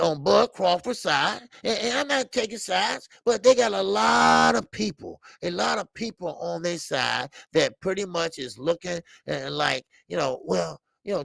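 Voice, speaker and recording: A man's voice: high-pitched, creaky, no echo. A man hosting a live boxing stream, talking bluntly and repetitively to his chat, often swearing. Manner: blunt, repetitive, animated, profane. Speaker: boxing show host.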